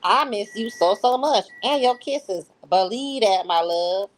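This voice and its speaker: A woman's voice: mid-range voice, unhurried, slight background noise, voice pushed up, natural voice, poor audio. A woman voicing a lovesick adult woman texting her jailed lover, in an overwrought parody reading. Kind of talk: dramatic parody reading of text messages.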